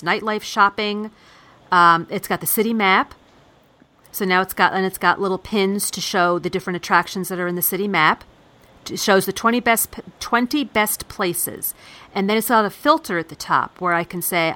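A woman co-hosting a podcast walks through an app feature by feature in a steady, listing way. Her voice has a bright, crisp edge. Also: mid-range voice. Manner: listing things in a steady step-by-step way. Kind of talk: casual chat, walking through an app.

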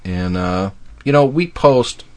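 A man hosting a podcast in casual chat, relaxed and rambling. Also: low-pitched, slow pace. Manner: relaxed, rambling, with fillers and restarts. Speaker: podcast host.

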